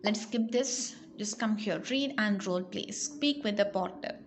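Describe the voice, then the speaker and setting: A woman teacher reading words and sentences aloud slowly and carefully in an English lesson for young pupils. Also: medium pitch, a little hiss or hum.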